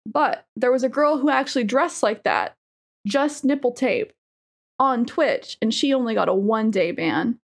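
A young adult woman co-hosting a podcast in casual chat, animated and giggly with sudden squeals. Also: a little high, moderate pace, creaky. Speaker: podcast co-host and streamer.

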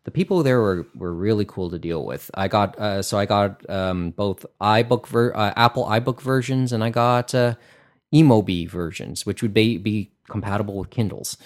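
A man's voice: lowish voice, moderate pace. A man chatting casually on a podcast, hesitant, with many fillers and restarts.

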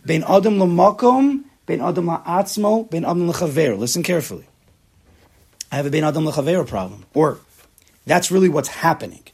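A man teaching a Torah class to a room of listeners, animated and acting out people's inner voices, with Hebrew terms mixed in. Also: fairly high pitch, fairly quick, gravelly, husky. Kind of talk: classroom lecture with student questions.

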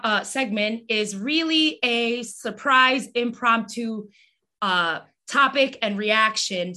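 Bright laughing woman co-host. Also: on the high side. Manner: bright, laughing, explains segments to listeners. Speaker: podcast co-host presenting a segment. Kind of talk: casual panel chat.

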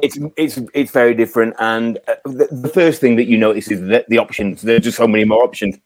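A British man chats as a podcast guest, giving blunt opinions with a joking edge. His voice sits at a middling pitch. The sound is close and dry. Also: fairly even intonation, a little fast, darkish tone, no room sound. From Britain. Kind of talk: casual podcast interview.

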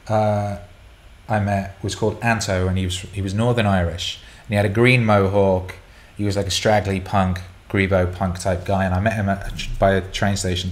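A middle-aged man with a lowish voice hosts a casual chat show, fielding listener questions. He answers candidly, rambling through stories and repeating words.

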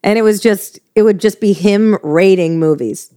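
A woman's voice: medium pitch, moderate pace, warm tone, no room sound. Chatty young woman, dry close sound. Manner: chatty storyteller, swears freely, lots of "like". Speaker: podcast co-host. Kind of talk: casual chat.

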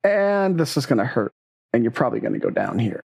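A man's voice: mid-range voice, sing-song, fast, vocal fry, darkish tone, no echo. A man acting as game master, narrating combat and rules in a playful, teasing way. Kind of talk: running a tabletop game.

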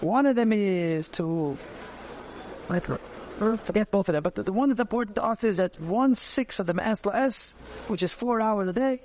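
A man, teaching a conversational Torah class, animated and repeating phrases as he searches for words. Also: high-pitched, moderate pace, slight background noise.

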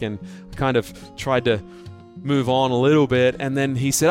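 A man's voice: medium pitch, normal speed. Male pastor, chatty sermon style, light guitar bed. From Australia. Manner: conversational, anecdotal, asks rhetorical questions.

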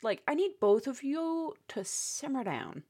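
A woman co-hosting a podcast, casually recapping a novel with expressive, exasperated commentary. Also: sits high, measured pace, breathy edge. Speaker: podcast co-host. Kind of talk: casual book recap chat.

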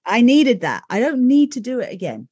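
A woman's voice: a little high, normal speed, slightly rough, no room sound, lo-fi sound. A middle-aged woman hosting a podcast, talking candidly, often adding "right?" and "you know" as she tells stories. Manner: animated storytelling with many "right?" and "you know". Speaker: podcast host. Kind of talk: candid casual conversation.

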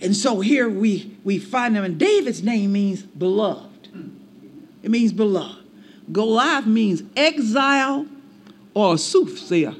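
A man preaching a sermon in a folksy storytelling manner, animated and shouting at times, with laughing asides. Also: high voice, takes it slowly, a little hiss or hum.

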